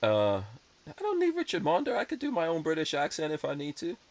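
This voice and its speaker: A man's voice: on the high side, wildly swooping pitch, a little fast, vocal fry. A man hosting a podcast in casual chat, talking bluntly and rambling with strong opinions. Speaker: podcast host.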